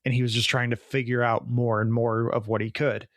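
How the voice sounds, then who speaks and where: A man's voice: mid-range voice, little pitch movement, fairly quick, no echo, studio quality. A young adult man co-hosting a podcast, reviewing a film in casual, rambling chat full of "like". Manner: rambling, enthusiastic, many "like"s. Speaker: podcast co-host.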